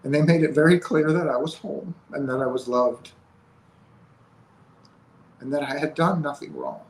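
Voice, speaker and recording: A man speaking as an interview guest, telling a personal story in an earnest, halting, emotional way. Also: fairly high pitch, lively intonation, darkish tone, a little hiss or hum, low-quality recording.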